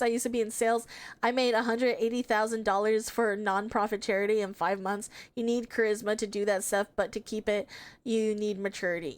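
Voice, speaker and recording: A woman live streamer chatting casually with her chat, giggly and playfully swearing, with dramatic protests. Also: on the high side.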